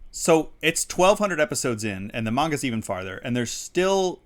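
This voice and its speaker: A man co-hosting a livestreamed talk show, rambling along with lots of ums and uhs. He laughs often as he talks, and his pitch sits in an ordinary middle range. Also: sing-song, moderate pace. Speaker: podcast co-host. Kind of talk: casual chat. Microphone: studio mic on a livestream.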